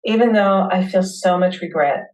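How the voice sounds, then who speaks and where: A woman hosting a webinar, leading listeners through a guided tapping session with slow, soothing affirmations. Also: lowish voice, a little mellow, recorded from a distance, low-quality recording.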